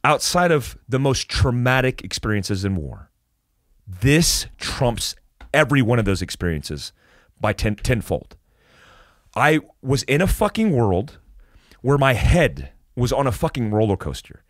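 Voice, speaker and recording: An American guest on a podcast tells a wild story at a measured pace in a medium-pitched voice. Animated and full of swearing, he keeps restarting his sentences, and the studio-quality audio is dry.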